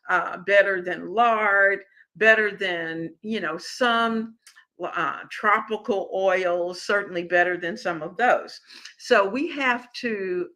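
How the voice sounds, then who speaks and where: A middle-aged woman hosting a live cooking chat, with a bright, forward tone. She talks slowly and easily, chatty and relaxed as she answers her viewers. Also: medium pitch. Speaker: cooking show host. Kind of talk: casual live-stream cooking talk.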